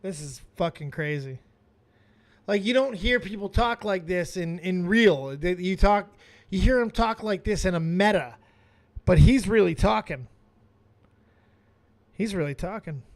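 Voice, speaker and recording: A man hosting a live stream, giving excitable watch-along commentary with frequent exclamations and swearing. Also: high voice, unhurried, pauses often. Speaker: streaming host reacting to wrestling.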